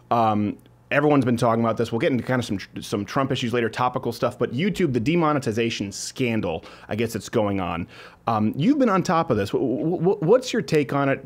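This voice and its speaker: A man hosting a talk show, his voice middling in pitch. He rambles and jokes, often breaking into laughs as he banters with his guest.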